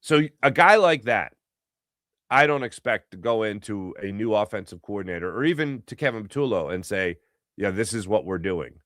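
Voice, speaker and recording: Man, sports talk host, bright forceful voice, rhetorical and animated, dry close mic. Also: fairly low pitch, normal speed, dry recording. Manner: animated, rhetorical, arguing with mock quotes. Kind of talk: casual sports commentary monologue.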